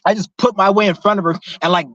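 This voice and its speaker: A young man telling a profane, animated story in a casual vlog rant. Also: sits high, fast talker, no echo, dull audio. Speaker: vlogger.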